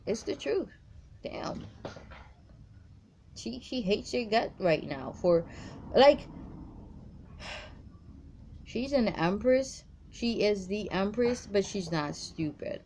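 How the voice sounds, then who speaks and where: A woman's voice: mid-range voice, a little mellow. A woman doing a tarot reading straight to the viewer, blunt and emphatic, swearing freely and repeating her points. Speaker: tarot card reader.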